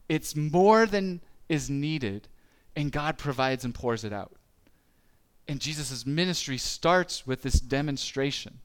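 Male preacher, mid-range voice, casual sermon delivery with playful quoted asides and frequent restarts. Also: medium pitch. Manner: conversational, with playful acted-out quotes and repeated restarts. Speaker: pastor.

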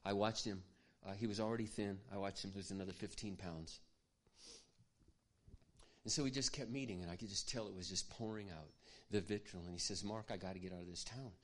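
A man preaching, telling a personal story in an earnest, confiding way that often drops to a hush. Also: fairly low pitch, a little fast. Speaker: pastor. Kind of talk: sermon storytelling.

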